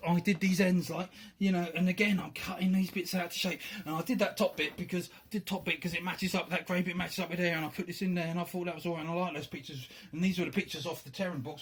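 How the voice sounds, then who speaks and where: A man's voice: high voice, slight background noise. A man rambling casually as he shows off a handmade box for a board game, thinking aloud and poking fun at himself. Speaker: hobbyist showing his handmade game box. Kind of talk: casual show-and-tell chat.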